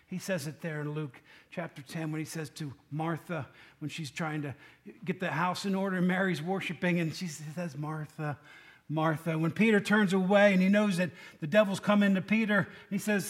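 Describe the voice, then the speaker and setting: A man's voice: on the high side, fairly even intonation, normal speed. A man preaching a conversational sermon, folksy and quizzing his listeners by name. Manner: folksy, asks the congregation questions by name.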